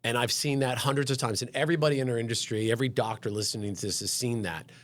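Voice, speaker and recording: A man in a studio, a dental education director guest on a podcast, telling lively stories and acting out the people he quotes. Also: mid-range voice, fast. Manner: animated storyteller, acts out quoted voices. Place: company TV studio.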